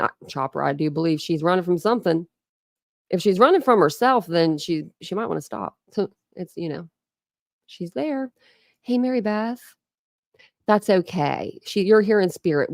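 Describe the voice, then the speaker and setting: A woman's voice: on the low side, vocal fry, a little mellow, no room sound, studio quality. A woman from Ohio hosting a casual live stream, chatting loosely with viewers, rambling with many fillers and laughing often. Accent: Ohio with Philadelphia family influence. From Ohio, USA. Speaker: host of a live stream commentary channel.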